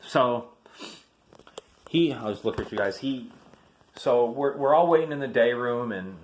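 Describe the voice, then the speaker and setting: A man's voice: mid-range voice, a little slow, slight background noise. A man in his fifties, an army veteran, telling family military stories in a casual, rambling vlog full of fillers and restarts.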